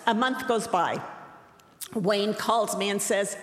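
A woman's voice: mid-range voice, slow, slight background noise. A middle-aged woman tells a story live to an audience. Her delivery is wry and self-deprecating, and she times the comic lines. Her voice carries through a roomy hall with a long, ringing reverb. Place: large hall.

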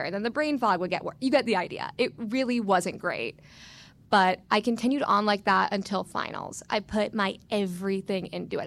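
A woman's voice: medium pitch, creaky. A young woman from Florida telling a personal story on stage, candid and self-mocking, acting out the quotes. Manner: animated retelling with voiced quotes.

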